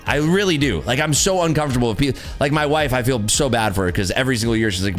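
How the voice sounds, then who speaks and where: A man's voice: mid-range voice, fast, few pauses, soft background music. A man hosting a trading livestream, ranting in a brash, profane, taunting way. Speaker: livestream host and day trader. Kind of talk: casual livestream rant.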